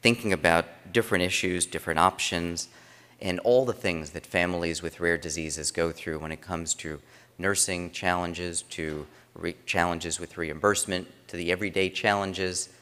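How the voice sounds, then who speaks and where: A man's voice: low voice, fairly even intonation, normal speed, bright, forceful tone, smooth. A man giving opening remarks as conference chairman, telling stories in a loose, conversational way with frequent restarts, in a large conference room. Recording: long reverb of a conference hall.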